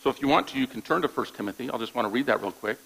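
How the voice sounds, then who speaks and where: Male pastor, gravelly mid-pitched voice, plainspoken conversational sermon delivery. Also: expressive, rapid-fire, fairly bright tone, low-quality recording. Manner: conversational preaching with frequent "all right?" check-ins; repeats words when restarting thoughts.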